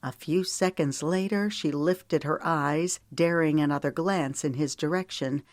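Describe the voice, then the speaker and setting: A woman narrating an audiobook in measured, steady storytelling. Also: sits low, dry recording. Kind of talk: scripted narration.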